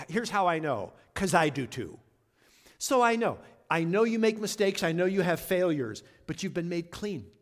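A man pastor preaching a sermon in an earnest, conversational way, leaning on words for emphasis. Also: high-pitched. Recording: long reverb of a large hall.

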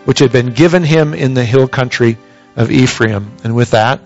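A man's voice: medium pitch, moderate pace, a little mellow, soft background music. Fervent preaching man, lo-fi sound. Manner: emphatic, reads scripture aloud with rising emphasis. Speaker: pastor. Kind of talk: sermon.

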